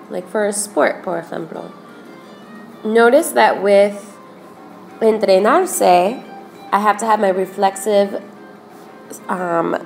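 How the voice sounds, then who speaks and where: Woman teacher, unhurried explainer, middle pitch, faint music under the voice. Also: gravelly. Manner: slow, careful explaining, repeats examples. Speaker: Spanish teacher. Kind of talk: recorded grammar lesson.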